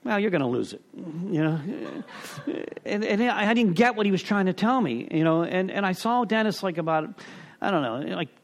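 A man's voice: sits high, expressive, normal speed. A middle-aged man sharing his personal story with a recovery group, rambling and interrupting himself, chuckling at his own tale. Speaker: speaker sharing at a recovery meeting.

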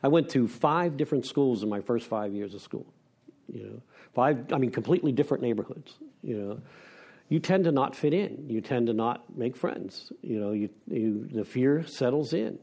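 Middle-aged man, mellow tone, frank rambling recovery-meeting share with wry laughs. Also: mid-range voice, animated, moderate pace, vocal fry, breathy edge. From Pennsylvania. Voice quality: rambling, with restarts and self-deprecating laughs. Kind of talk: candid personal share.

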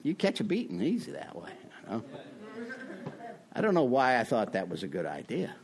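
A middle-aged man telling his own recovery story in a meeting, self-mocking, with sudden loud high bursts. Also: wildly swooping pitch, moderate pace, vocal fry. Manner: self-mocking, laughs at himself. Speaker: recovering alcoholic speaker.

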